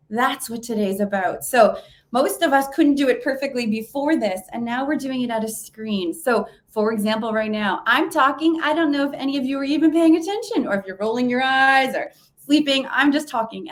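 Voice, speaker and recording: A woman giving a conversational webinar presentation over a video call, with plenty of fillers and restarts. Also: fairly high pitch. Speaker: webinar speaker. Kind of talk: virtual presentation talk.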